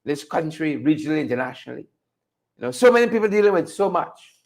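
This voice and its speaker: A man's voice: fairly high pitch, quick pace, gravelly. A man hosting a live-stream show, chatting with viewers and calling them folks. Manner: animated, conversational, addresses viewers as folks. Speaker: host.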